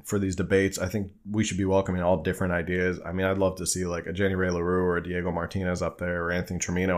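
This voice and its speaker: In a casual livestream chat, a low-voiced host from New Jersey responds to viewer questions. His style is loose and conversational, with frequent fillers and restarts.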